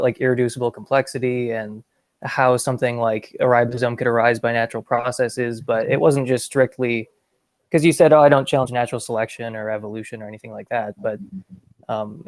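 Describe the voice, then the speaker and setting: Calm man asking pointed questions. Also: mid-range voice, brisk, no echo, studio quality. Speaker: co-host. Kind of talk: casual online debate chat.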